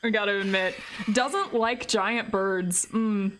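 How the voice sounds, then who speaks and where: A woman in her forties streams a visual novel read-through in casual live-stream chat, speaking slowly in a steady, mid-range, slightly bright voice with a little hiss or hum. She is playful and chatty, addressing her viewers directly and often breaking into laughter.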